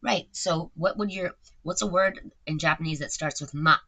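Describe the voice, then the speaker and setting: A woman chats casually with an AI in a halting, hesitant way, often pausing with fillers. Her voice sits on the low side with a bright edge. She slips Japanese words into her talk. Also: no echo. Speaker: chatbot user. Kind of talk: casual chat with an AI.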